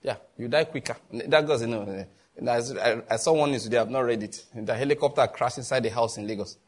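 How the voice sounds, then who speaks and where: A man with a Nigerian accent preaching a sermon as pastor, telling lively stories with quick asides and bursts of laughter. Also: mid-range voice.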